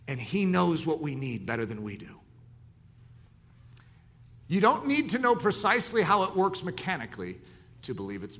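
A man preaching a sermon in an animated way, acting out the voices of his listeners. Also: a little high. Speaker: pastor.

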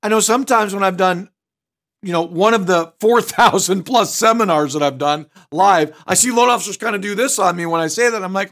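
A man's voice: sits high, brisk, gravelly, fairly bright tone. A middle-aged man teaching a sales training session, direct and emphatic, with punchy asides. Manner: switches tone to act out customers. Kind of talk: recorded training seminar.

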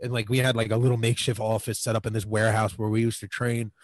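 A man's voice: lowish voice, level tone, fast, no room sound, low-quality recording. Rambling young man, dry sound. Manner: rambling, filler-heavy, lots of "like" and "you know". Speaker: podcast guest. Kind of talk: casual storytelling.

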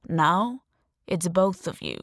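A woman reader voices a cold male assassin in a slightly lowered voice, speaking slowly and flatly. The recording is dry and close, with no room sound. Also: no echo, full character voice. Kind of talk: audiobook character voice.

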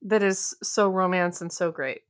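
A woman's voice: lowish voice, steady tone, unhurried. A woman co-hosting a casual book chat, summing up the plot with a wry, dry humor. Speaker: podcast co-host.

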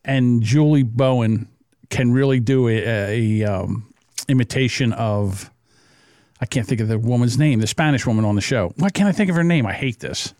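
A man's voice: medium pitch, moderate pace, darkish tone, dry recording, studio quality. A man co-hosting a podcast in casual banter, laughing often and swearing freely. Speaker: podcast co-host.

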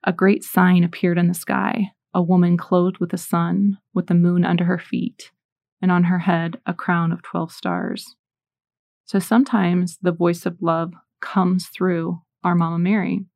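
Woman in her forties for a faith talk: earnest storytelling with scripture readings, lowish voice, dry and close. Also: flat delivery, measured pace, vocal fry, darkish tone, dry recording. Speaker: Catholic speaker. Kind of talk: faith talk with personal stories.

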